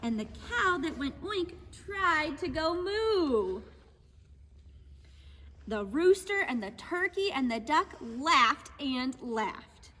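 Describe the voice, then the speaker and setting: A woman gently and patiently teaching children a lesson on horses and reading them a storybook aloud. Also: sits high, big pitch swings, slow pace, long reverb tail. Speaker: children's horse program instructor.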